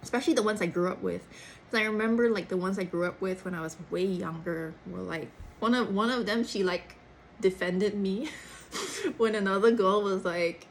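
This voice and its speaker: A young woman from Singapore with a Cantonese-tinged, third-culture Singaporean English accent, talking in a chatty, animated casual way. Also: mid-range voice, moderate pace, a little hiss or hum, rough recording. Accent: Singaporean English with Cantonese influence, third culture. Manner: chatty, animated, frequent "like" and "lah". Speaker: actor. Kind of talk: casual chat.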